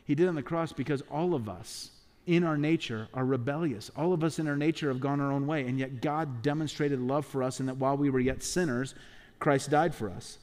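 A man's voice: mid-range voice, brisk, darkish tone. A male pastor preaching a sermon, emphatic, with rhetorical questions and acted-out quotes.

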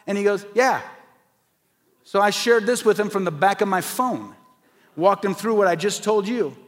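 Middle-aged male preacher, high-pitched, animated storyteller who acts out quoted voices, big reverberant church hall. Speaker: pastor. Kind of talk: sermon storytelling.

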